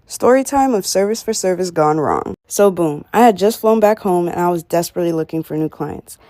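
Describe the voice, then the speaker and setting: A woman's voice: lowish voice, animated, fairly quick, mellow, dry recording. A woman nail technician beginning a casual storytime about a trade gone wrong.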